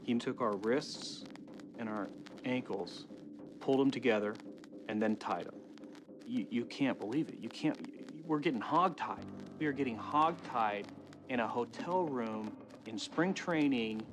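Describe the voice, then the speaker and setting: A man in his twenties giving halting, reflective testimony about surviving a robbery, in a documentary interview. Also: mid-range voice, over music, rough recording. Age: 20s. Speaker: survivor telling his story.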